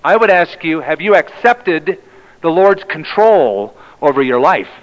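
A male pastor preaching a sermon in an emphatic way, often dropping to a hushed tone for the key lines. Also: a little high, lively intonation, unhurried, lo-fi sound.

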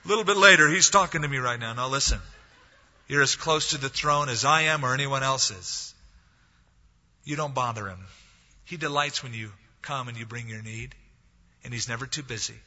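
A man's voice: mid-range voice, normal speed, bright, forceful tone. A man preaching a sermon as pastor, telling a story and acting out the voices of the people in it. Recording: dull lo-fi audio, long hall reverb.

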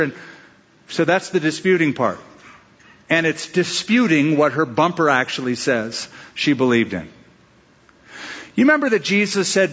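A man with a fairly high, slightly bright voice delivers a chatty sermon full of rhetorical questions and acted-out asides to his listeners. The sound is dull, with lengthy reverb from the hall.

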